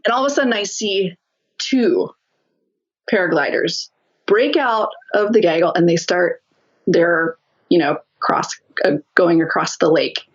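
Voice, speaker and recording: A woman's voice: on the low side, unhurried, slightly rough, lo-fi sound. A woman guest telling stories in a casual interview, laughing often and acting out what people said. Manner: lively, laughs often, acts out quotes. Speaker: podcast guest.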